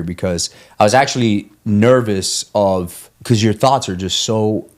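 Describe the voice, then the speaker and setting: A man's voice: fairly low pitch, a little slow. A man, a guest on a podcast, telling a long story in casual chat, swearing freely and laughing as he goes. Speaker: guest, ultramarathon runner.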